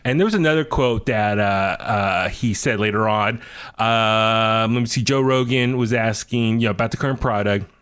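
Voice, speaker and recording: A man's voice: lowish voice, moderate pace, fairly bright tone, clear, resonant tone. A man hosting a podcast in casual chat, rambling with many fillers and restarts as he reads quotes aloud. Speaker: podcast host.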